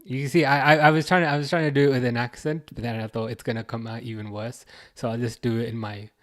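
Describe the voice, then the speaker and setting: A man with a Birmingham accent from the UK hosts a football watchalong livestream, reading out viewer comments in a halting, casual way with many restarts. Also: mid-range voice, steady tone, fairly bright tone. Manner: halting, restarts often, chuckles, reads comments aloud. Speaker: livestream host reading chat.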